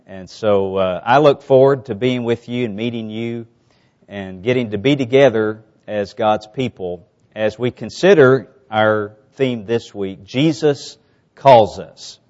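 A man from the US Gulf Coast preaching a sermon in a slow, measured teaching manner, rising to emphasis on key points. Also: on the low side, a little mellow, dull audio.

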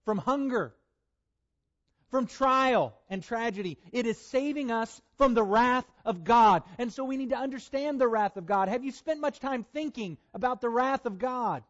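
A man preaching a sermon, reading scripture aloud in a deliberate, emphatic way. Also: extremely high pitch, muffled recording.

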